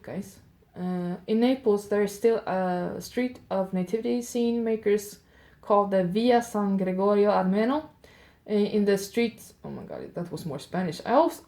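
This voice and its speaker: A woman hosting an audio advent calendar show. She reads holiday facts in one improvised take, pauses with "uh" to fix her pronunciation, and adds chatty asides to her listeners. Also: mid-range voice, warm tone. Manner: reads steadily, stops often with "uh" to correct her pronunciation.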